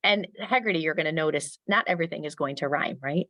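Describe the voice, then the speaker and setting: A middle-aged woman giving a professional development talk to teachers, modeling speech sounds slowly and crisply and lifting her voice when she plays a teacher asking pupils. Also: sits low, bright, forceful tone, no room sound. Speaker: teacher trainer.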